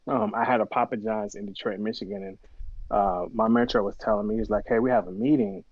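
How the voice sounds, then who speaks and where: A man's voice: on the low side, fairly quick, no room sound, muffled recording. A man guest on a podcast, telling stories in a casual way, acting out the voices of the people in them and swearing freely. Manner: animated storyteller acting out quoted dialogue, swears freely. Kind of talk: casual storytelling interview.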